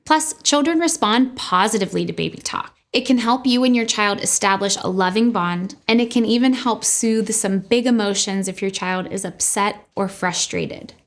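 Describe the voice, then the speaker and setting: A woman speech-language pathologist giving a scripted educational presentation in an upbeat, clear manner. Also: medium pitch, normal speed, hardly any pauses.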